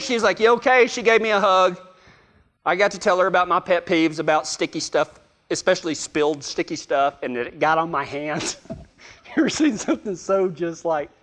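A man's voice: sits high, fairly bright tone. A middle-aged man, a preacher telling a folksy, self-mocking story to his listeners. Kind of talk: storytelling sermon.

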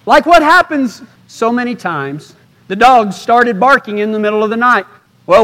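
A man, preaching a storytelling sermon from a stage in a folksy drawl that drops to a hush. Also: high-pitched. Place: stage before a live audience. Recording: reverberant hall.

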